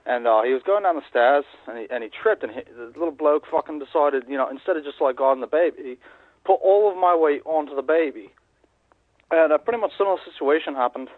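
A man's voice: on the high side, fast, no room sound, lightly acted. A man phoning in a voicemail as a caller, putting on a fake Irish-sounding accent. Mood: rambling. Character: rambling male caller faking an Irish accent. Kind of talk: phoned-in voicemail. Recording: tinny phone line.

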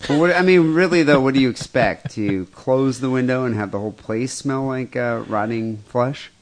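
Podcast co-host: man, mid-pitched, rambling storyteller who restarts his sentences. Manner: meandering, halting, with many restarts. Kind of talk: casual chat retelling a crime story.

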